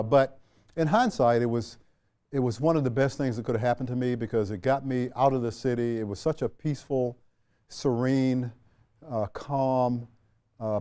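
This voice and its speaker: Looking back on his life, a retired general from Washington, D.C. tells stories as a guest in an interview. His voice is clear, resonant, relaxed and mellow, pitched in the middle, and he takes his time, with many fillers and restarts.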